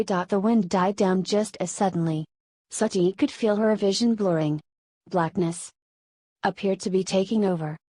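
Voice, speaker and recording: A woman reading an audiobook narration in a steady, even manner. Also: medium pitch, measured pace, no echo, low-quality recording. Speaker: audiobook reader. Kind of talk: scripted narration.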